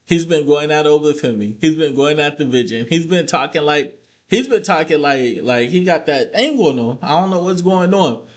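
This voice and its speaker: A man's voice: fairly high pitch, normal speed. Profane ranting man. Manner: profane, ranting, animated asides. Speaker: wrestling show reviewer. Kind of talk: casual recap vlog.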